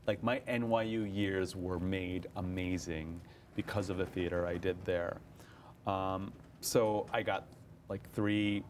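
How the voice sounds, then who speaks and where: A young man, an actor, chatting in an interview about his stage roles, animated, often laughing and restarting his sentences. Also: low voice, slight background noise. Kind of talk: casual interview chat.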